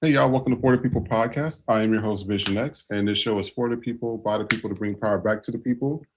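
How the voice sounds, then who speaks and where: Low-ish guy hosting his podcast, loose easy chat w fillers, on a call setup. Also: fairly even intonation, fast talker, slight background noise. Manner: loose and conversational, with fillers and restarts. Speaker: podcast host.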